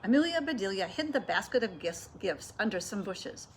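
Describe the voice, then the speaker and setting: Animated storyteller woman, reads a picture book to kids and asks them to join in, faint noise behind. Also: mid-range voice, normal speed. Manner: lively, asks listeners to join in. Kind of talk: reading a picture book aloud to children.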